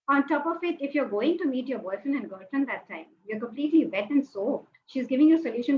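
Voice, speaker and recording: A woman giving a lively webinar talk, acting out quoted reactions and asking the audience to join in. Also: high-pitched, brisk, hardly any pauses. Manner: animated, acts out quoted reactions, asks the audience. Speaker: webinar speaker. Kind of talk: lively motivational talk with acted asides. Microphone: webinar call mic. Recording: slightly dull audio with faint noise.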